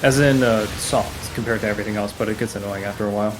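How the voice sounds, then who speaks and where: A man explaining a speedrun route as he plays, in a halting, loose live-stream commentary style. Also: lowish voice, fairly even intonation, noisy background. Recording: game music playing behind the voice.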